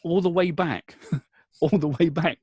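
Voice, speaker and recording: A man's voice: a little high, a little slow, slightly rough, no room sound, clean studio sound. A man, a father, talking as a podcast guest, earnest and rambling with lots of restarts, emotional at times. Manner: emotional, choking up. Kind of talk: casual interview chat.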